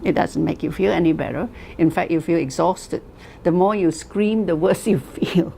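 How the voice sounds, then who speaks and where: A woman teaching a class, telling stories slowly and deliberately, asking rhetorical questions and repeating phrases for emphasis. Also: on the low side, vocal fry, warm tone, a little hiss or hum. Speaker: wellness teacher. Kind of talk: lecture to a class.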